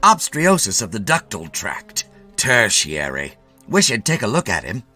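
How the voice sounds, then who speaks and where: A man's voice: fairly low pitch, huge pitch swings, unhurried, pushed and bright, faint music behind, exaggerated voice. A man voicing a distraught, haggard male surgeon in a story reading. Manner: urgent and weary.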